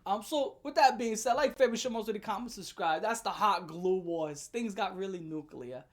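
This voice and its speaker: A woman telling a storytime rant as a vlogger, animated and profane, breaking into loud laughing shouts. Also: medium pitch, normal speed.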